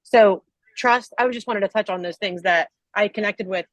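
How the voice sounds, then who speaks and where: A woman's voice: mid-range voice, normal speed, no room sound, poor audio. Earnest woman hosting a podcast. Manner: earnest and reflective, with 'um' and 'like'. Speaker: podcast host. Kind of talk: casual candid chat.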